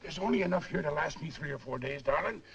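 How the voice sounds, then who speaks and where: A man's voice: a little high, lively intonation, quick pace, fairly bright tone, lo-fi sound. An actor playing a hard-drinking, charming cavalry soldier who sweet-talks his girl, in a classic western film. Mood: coaxing. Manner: coaxing, sweet-talking, gravelly. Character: boozy charming cavalry soldier, roguish and teasing. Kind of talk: classic Hollywood film acting. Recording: noisy old film soundtrack.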